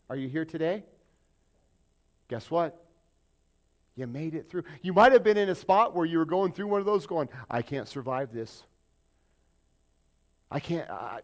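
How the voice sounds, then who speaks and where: Male preacher, sermon delivery, higher voice that swoops up and down, plays out quoted prayers. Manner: animated preaching, acting out quoted prayers, joking with congregation. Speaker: pastor.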